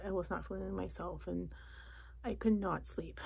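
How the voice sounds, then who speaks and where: Young woman chatting to camera from her closet, quiet and whispery, kinda husky with some fry. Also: medium pitch, steady tone, a little fast. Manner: soft, often drops to a whisper. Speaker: vlogger. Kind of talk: casual chat to camera. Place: home closet.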